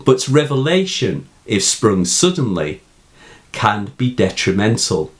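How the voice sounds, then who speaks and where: A man with a British accent, giving a scripted, deliberate analysis of a poem as a teacher. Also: on the low side, sing-song. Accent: British English. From England. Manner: slow, deliberate, emphatic reading. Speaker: poetry teacher.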